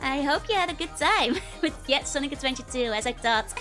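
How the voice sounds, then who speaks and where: A woman streamer chats casually with her viewers, her squeaky, hamster-like voice sitting very high. She giggles often and keeps the talk light and rambling. Faint music plays underneath. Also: expressive, fairly quick. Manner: giggly, chatty. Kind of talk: casual live-stream chat.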